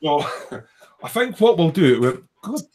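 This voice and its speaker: A man's voice: on the high side, very animated, a little slow, a little mellow, a little hiss or hum. A man hosting a casual live stream from his hobby workshop, reading viewers' comments aloud in a jokey, rambling way and laughing easily. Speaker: livestream host.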